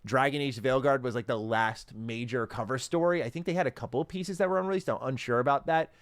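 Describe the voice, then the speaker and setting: A man's voice: mid-range voice, fast talker, no room sound. Casual male game commentator, upbeat and rambling, dry close sound. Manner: enthusiastic, rambling with fillers. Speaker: gaming commentator.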